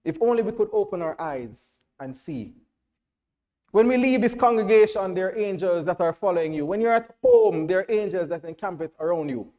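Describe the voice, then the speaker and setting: A Jamaican man preaching a sermon to a congregation in church, checking that everyone follows and rising to loud, emphatic declarations. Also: high voice, sing-song, normal speed, lo-fi sound.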